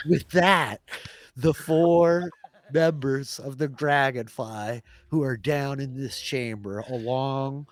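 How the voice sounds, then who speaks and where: A man's voice: mid-range voice, slow pace, no echo. A man narrating as Dungeon Master of a tabletop game, in a casual way full of filler words while he describes scenes.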